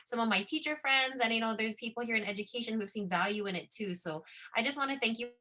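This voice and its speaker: A woman's voice: fairly high pitch, fast, sharp tone. A woman educator giving effusive thanks at the close of an online summit. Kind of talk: casual video call thanks.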